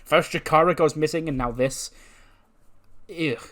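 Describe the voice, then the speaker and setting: A man's voice: fairly high pitch, a little slow, a bit bright, voice pushed up. A man voicing a self-important female wrestler who complains in a whiny, exasperated way. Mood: whining.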